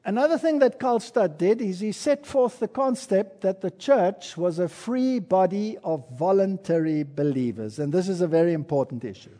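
A man's voice: high voice, expressive, moderate pace, few pauses, dark tone, big-room sound. A man giving an earnest, emphatic sermon-style history lecture, telling the story and adding asides from his own life. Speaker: preacher.

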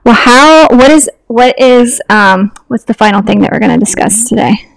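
A middle-aged woman co-hosting a podcast, telling stories in an animated way and acting out the lines of the people in them. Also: a little high, normal speed, creaky, low-quality recording. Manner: animated storyteller, acts out quoted lines. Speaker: podcast co-host, wedding business owner. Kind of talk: casual chat.

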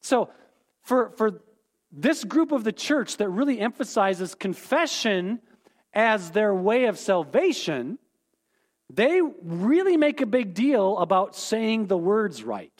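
Guy teaching a bible class, high voice, repeats stuff, keeps asking "okay?". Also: sing-song, slow pace. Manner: explanatory, repeats key points, checks in with "okay?".

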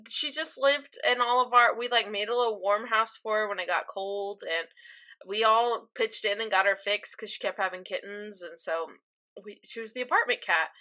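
A young woman co-hosting a casual podcast, chatting in a giggly way with quick asides while recapping an episode. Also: mid-range voice, pushed and bright. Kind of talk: casual chat.

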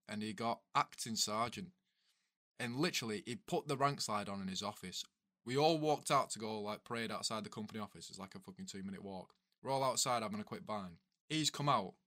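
A man with a bright, forceful voice tells stories to his mates, swearing freely and building up the punchlines. He sounds dry and close, with no room echo. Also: on the low side. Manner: swears a lot, animated storytelling. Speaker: podcast host, ex-soldier. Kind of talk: casual banter.

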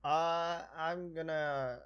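A man's voice: on the high side, steady tone, extremely slow, a bit bright, clean tone, highs cut off. A man co-hosting a casual podcast, guessing along and dropping dry jokes. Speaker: podcast co-host.

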